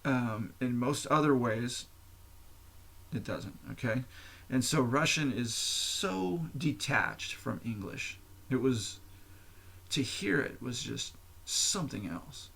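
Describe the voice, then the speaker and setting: A man's voice: medium pitch, expressive, takes it slowly, vocal fry, a bit bright, breathy edge. A man hosting his own podcast, talking alone in a candid, profane, rambling way. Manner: candid and profane, explains at length with fillers. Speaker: podcast host. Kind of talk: casual solo monologue.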